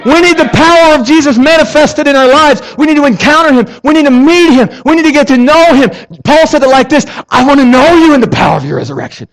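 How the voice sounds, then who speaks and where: A man's voice: extremely high pitch, expressive, quick pace, hardly any pauses, poor audio. A man preaching a passionate sermon in a conversational way, with casual asides. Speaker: pastor.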